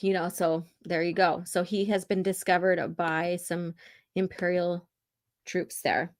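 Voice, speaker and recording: A woman's voice: fairly low pitch, flat delivery, measured pace. A woman hosting a casual podcast and reading comics along, chatty and full of fillers. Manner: chatty, lots of fillers like "you know" and "um". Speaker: podcast host.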